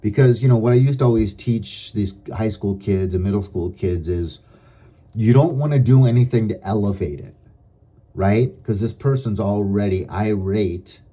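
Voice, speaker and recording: A middle-aged man giving advice in a calm, measured, deliberate monologue. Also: lowish voice. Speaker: advice vlogger.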